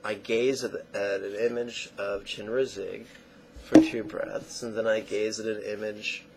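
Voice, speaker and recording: A man teaching a guided meditation lesson in slow, deliberate phrases that trail off into soft near-whispers. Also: lowish voice, level tone, heavy background noise.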